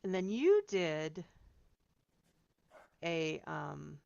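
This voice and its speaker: A woman's voice: deep voice, big pitch swings, very slow, gravelly, darkish tone, dry recording. Encouraging woman piano teacher, muffled. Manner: encouraging, chatty, sings out rhythms. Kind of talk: giving feedback in a recital seminar.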